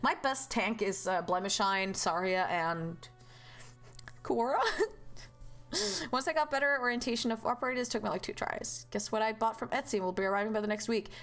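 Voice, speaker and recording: A young woman streaming a game, chatting casually and animatedly with viewers, with loud outbursts and swearing. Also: medium pitch, fast, few pauses, faint music behind. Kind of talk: casual live-stream chat.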